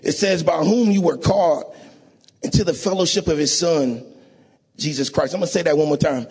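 A man preaching a sermon in a church, emotional and rising to sing-song shouts, often asking the congregation to agree. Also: a little high, normal speed, creaky, breathy edge. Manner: call-and-response, asks audience to agree.

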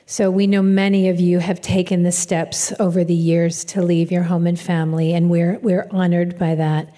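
A woman's voice: on the low side, flat delivery, normal speed, mellow. Affectionate woman introducer in an echoing hall. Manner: affectionate, fond. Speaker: speaker introducer. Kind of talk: heartfelt introduction at a church seminar. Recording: echoey hall.

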